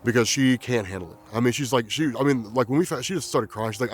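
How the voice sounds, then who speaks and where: A man quietly telling a personal story in a halting, reflective way. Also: medium pitch, slight background noise. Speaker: vlogger.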